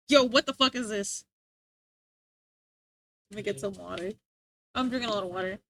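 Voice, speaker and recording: A young woman streaming live, chatting casually with viewers, giggly, excitable and rambling. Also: a little high, normal speed, pauses often, dry recording.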